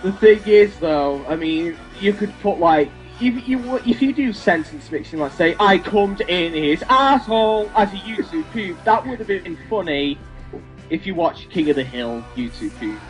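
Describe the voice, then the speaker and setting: A man's voice: a little high, lively intonation, moderate pace, soft background music, low-quality recording. Profane, mocking young man ranting. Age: young adult. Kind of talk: casual ranting commentary.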